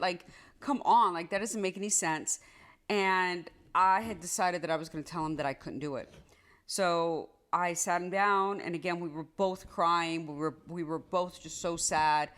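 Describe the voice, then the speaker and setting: Woman telling a storytime, animated. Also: lowish voice. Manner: animated, acts out quoted dialogue. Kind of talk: casual storytime monologue.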